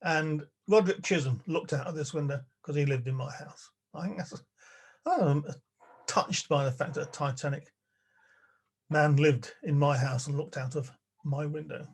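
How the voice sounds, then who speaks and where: A man's voice: on the high side, normal speed, husky. Older Englishman giving a wry talk. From England. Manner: wry, chatty, with little chuckles. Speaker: lecturer. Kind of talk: illustrated public talk. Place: spare-bedroom study at home.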